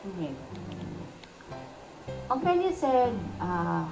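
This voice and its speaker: A woman examiner quietly prompting and questioning a student. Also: medium pitch, sing-song, very slow, over music, low-quality recording. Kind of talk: oral exam questioning.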